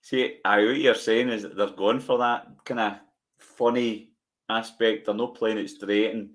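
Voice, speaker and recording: A man, co-hosting a watch-along podcast and reacting loudly and excitably to the film, with plenty of swearing. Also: on the low side, a little slow. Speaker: podcast co-host. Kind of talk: casual watch-along chat.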